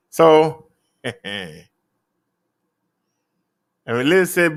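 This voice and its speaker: A man's voice: medium pitch, very animated, a little slow, long pauses. A man hosting a casual live stream, chatting with viewers in a laid-back, direct way. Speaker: live-stream host reviewing e-bikes.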